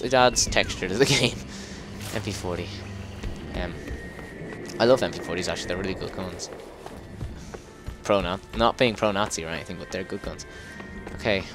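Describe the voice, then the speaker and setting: Excitable gamer man yelling over game music. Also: fairly low pitch. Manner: excitable, swears, bursts into yells. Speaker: gameplay video host. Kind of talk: let's play commentary. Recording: game music clearly behind the voice. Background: game music and sound effects.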